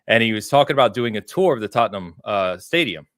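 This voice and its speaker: An American man hosting a casual podcast, chatting in a relaxed, rambling way with lots of filler words. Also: lowish voice, fast talker, dry recording, studio quality. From United States. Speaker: podcast host.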